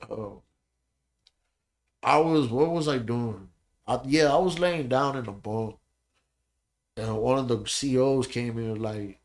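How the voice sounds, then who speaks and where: Man, podcast guest, casual chat, animated and profane, middle pitch. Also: unhurried, vocal fry. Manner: animated, profane storytelling with frequent "you know what I'm saying".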